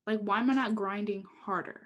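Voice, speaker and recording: A woman's voice: mid-range voice, steady tone, brisk, lo-fi sound. A young woman co-hosting a podcast in casual chat, candid and jokey, often breaking into laughter. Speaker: podcast co-host.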